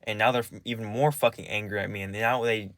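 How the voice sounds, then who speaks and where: A man's voice: on the low side, fairly even intonation, quick pace, a bit bright, no echo. Agitated young man, dry close sound. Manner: agitated, rambling, swearing, many restarts. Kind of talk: personal confessional vlog.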